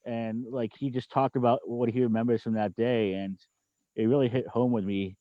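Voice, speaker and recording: A man from the cigar industry speaking on a video call in a casual, reflective and unhurried way. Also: medium pitch, steady tone, no room sound. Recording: dull video-call audio.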